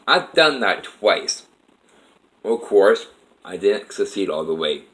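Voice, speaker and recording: A man with a lowish voice talks straight to camera about his life. He rambles and circles back, earnest and plainspoken, with swearing dropped in casually. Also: sing-song, takes it slowly, long pauses, a bit bright, low-quality recording. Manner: earnest, meandering, frequent profanity. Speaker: vlogger telling his life story. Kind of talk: rambling personal monologue.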